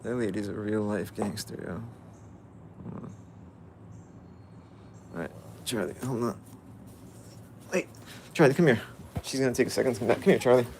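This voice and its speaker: A man's voice: on the low side, moderate pace, pauses often, background noise. A man casually vlogging outdoors, playfully chatting with and about a dog. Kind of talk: casual vlog chat.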